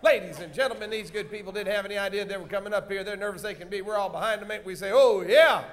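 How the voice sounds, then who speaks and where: A man hosting a live stage comedy show, folksy and teasing, loudly acting out bits for the audience. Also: high-pitched, fairly even intonation, rapid-fire. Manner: loud, folksy, teasing, acts out bits for the crowd. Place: stage of a large indoor comedy theater. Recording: live venue with band music and crowd noise.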